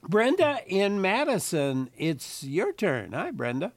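A man hosting a call-in radio show, introducing callers and his guest in a brisk, friendly way. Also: high voice, huge pitch swings, no room sound. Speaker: radio host.

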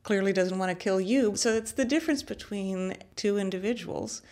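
Woman host, dry studio sound, measured questions, mid-pitched voice. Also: warm tone, no room sound. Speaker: interviewer, host. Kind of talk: broadcast interview with a scripted intro.

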